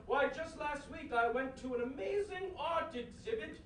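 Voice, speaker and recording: A man in a live sketch playing an ordinary guy who puts on a grand, affected air of a cultured gentleman, theatrical and grandiose. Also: very high-pitched, expressive, normal speed, a little hiss or hum. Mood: blustering. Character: average guy faking pompous high-society gentleman. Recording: roomy theater, mic far off, audience laughter.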